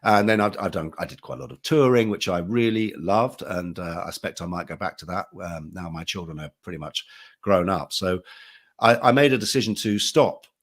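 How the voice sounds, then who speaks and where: Speaking fairly quickly in a low voice, this man is an actor who also narrates audiobooks. On a panel, he chats casually, trading anecdotes and restarting his sentences many times.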